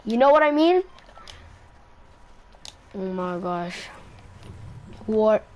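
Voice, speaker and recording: This woman's medium-pitched voice has a darkish tone, lively intonation and drawn-out words. Speaking close to her own mic, she rambles through a casual storytime, repeating herself and asking "right?" frequently.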